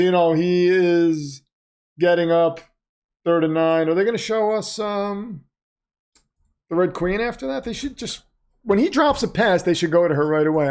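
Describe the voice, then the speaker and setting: Reacting to a football game on his live stream, a man calls the plays, reads viewer comments and chats casually with off-topic musings. His voice is highish with a darkish tone.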